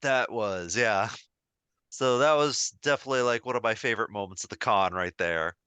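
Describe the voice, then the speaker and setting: A man's voice: fairly low pitch, moderate pace, sharp tone, clear, resonant tone, no room sound. A man co-hosting a podcast, chatting casually and telling stories with enthusiasm, full of fillers and restarts. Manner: enthusiastic, rambling storyteller with many fillers. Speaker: podcast co-host.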